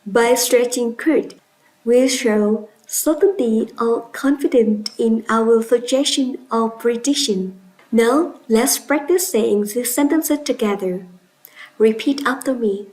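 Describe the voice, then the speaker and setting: A woman with a Vietnamese accent teaching an English pronunciation lesson in a clear, instructive way, praising her students. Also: on the high side, slow pace, a little mellow, poor audio. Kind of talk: classroom lesson.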